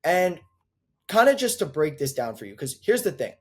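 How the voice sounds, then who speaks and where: A man's voice: on the high side, sing-song. A young man teaching sales calls in a casual, chatty way, full of fillers, acting out both sides of a call. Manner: casual, filler-heavy, quick asides, acts out calls. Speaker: sales coach.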